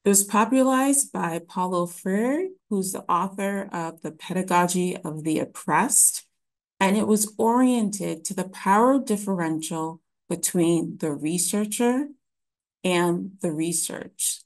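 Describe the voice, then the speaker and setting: Lower-voiced woman giving an academic lecture. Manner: measured explanatory delivery with frequent ums and restarts. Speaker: webinar presenter.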